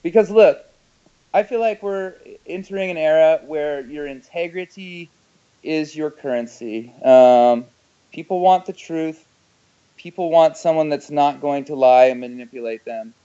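An earnest man talking as an interview guest, emphatic, his loudness rising and falling. His voice sits fairly high and comes through a dull, muffled remote line. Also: a little slow, smooth. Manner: earnest, emphatic, swings loud and soft.

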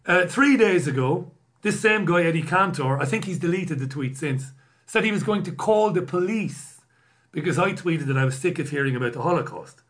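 A man's voice: a little high, lively intonation, normal speed, fairly bright tone. A man from Britain hosting a casual live stream, reading out viewer messages and greetings with sardonic, self-mocking asides and free swearing. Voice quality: bald, self-described poor at accents. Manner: sardonic, swears freely, laughs at himself.

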